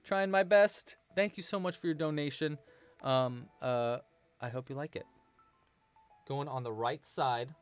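A man's voice: medium pitch, measured pace, smooth, soft background music. A man hosting a live crochet tutorial stream, chatting casually, thanking donors and answering the chat. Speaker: crochet livestream host.

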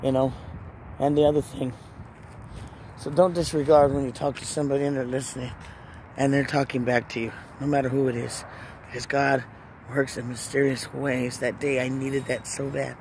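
A woman speaks by a truck outdoors, sharing a personal Christian testimony. Her delivery is earnest and emotional, building into pressing questions aimed at the listener. Traffic and outdoor noise run clearly underneath her voice. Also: a bass voice, little pitch movement, moderate pace, darkish tone. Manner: emotional, earnest, rising into urgent rhetorical questions. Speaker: Christian vlogger. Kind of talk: personal faith testimony and preaching. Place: in or beside a parked truck outdoors.

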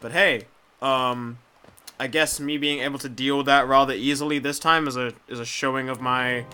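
A young man giving casual let's play commentary, rambling, swearing freely and talking to the screen, muttering quietly and then breaking into loud excited outbursts. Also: medium pitch, moderate pace. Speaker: gameplay commentator.

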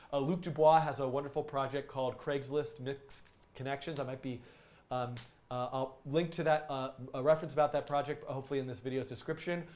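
A man hosting a casual coding live stream, talking students through project ideas in a rambling, enthusiastic way with many ums and restarts. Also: a little high.

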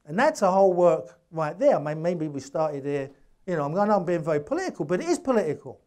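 A man's voice: on the high side, quick pace. A man giving a public lecture, telling anecdotes emphatically, in bursts with restarts and asides. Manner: emphatic, animated storytelling. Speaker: guest lecturer.

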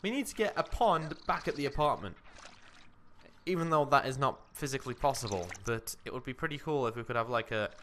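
A man's voice: mid-range voice, lively intonation, brisk, a bit bright, a little hiss or hum. Chatty young man narrating a life-sim game. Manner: chatty, talks to his game character. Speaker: gaming commentator. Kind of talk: casual let's-play commentary. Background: game music.

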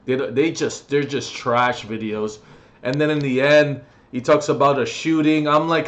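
A man's voice: mid-range voice, fairly even intonation, measured pace. A young adult man vlogging a comedic, profane rant reviewing music, mocking and exasperated.

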